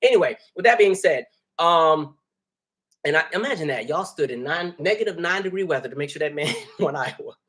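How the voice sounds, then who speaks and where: A man's voice: on the high side, expressive, brisk, a bit bright. A man hosting a casual livestream, talking animatedly, laughing and reading viewer comments aloud. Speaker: livestream host.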